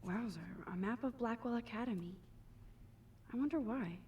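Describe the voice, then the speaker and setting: A woman's voice: a little high, normal speed, darkish tone, a little hiss or hum, natural voice. An actress voicing a shy, wry teenage girl photographer in a video game, with dry, understated asides. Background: game music.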